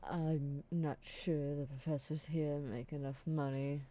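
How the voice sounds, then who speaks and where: A woman's voice: deep voice, little pitch movement, measured pace, mellow. A woman chatting casually with friends while they play through a dating game. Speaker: player. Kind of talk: casual chat.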